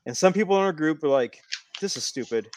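A man's voice: on the high side, animated, fast talker, background noise. A man co-hosting a casual podcast, telling a long rambling story with many restarts. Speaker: podcast co-host. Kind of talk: casual wrestling podcast chat.

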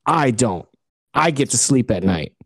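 A man's voice: medium pitch, big pitch swings, a little slow, gravelly, a bit bright, husky, no echo, studio quality. A man co-hosting a casual sports chat, bluntly trash-talking the others and swearing. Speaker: podcast co-host.

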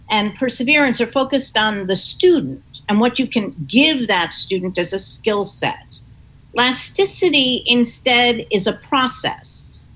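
A woman author answering interview questions in a measured, explanatory way. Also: fairly high pitch, pushed and bright, rough recording. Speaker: author and guest.

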